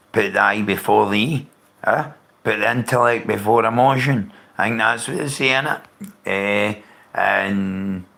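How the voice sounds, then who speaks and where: A man chatting off the cuff on a live stream, his voice rough with gravel and sharp at the edges. He rambles, restarts and swears freely, breaking off to hail viewers loudly. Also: on the low side. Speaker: livestreamer. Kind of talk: casual unscripted live chat.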